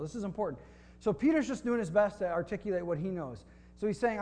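Male preacher, slightly higher voice, easygoing storyteller, faint hum behind. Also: animated, fairly quick, darkish tone. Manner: conversational, wry storytelling with scripture reading. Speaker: pastor. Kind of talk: sermon with storytelling.

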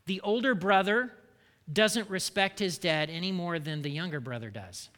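Male pastor, sermon delivery, high voice, asks the room questions. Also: moderate pace, pushed and bright, big-room sound. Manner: rhetorical questions to the congregation.

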